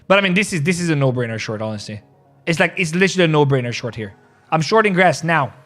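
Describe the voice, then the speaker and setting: A man hosting a casual live-stream about crypto trades, excitable and repetitive. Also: on the high side, fast, soft background music. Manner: excitable, repeats himself, calls people bro.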